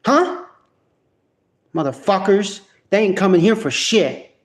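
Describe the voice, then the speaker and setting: A man's voice: high voice, big pitch swings, slow pace. A man ranting casually to camera in a vlog at home, profane and rambling with many restarts. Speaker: vlogger.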